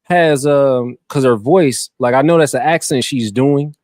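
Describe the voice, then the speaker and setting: In clean, dry studio sound, a man with a mid-range voice takes his time talking about a film on his podcast. His chat is easygoing and full of slang, though he keeps fumbling names.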